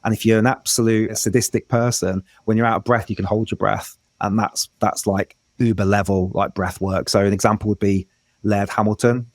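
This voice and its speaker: A man's voice: on the low side, fairly even intonation, fairly quick, no room sound, clean studio sound. A man, a breath work coach, explaining techniques in a casual interview with frequent restarts.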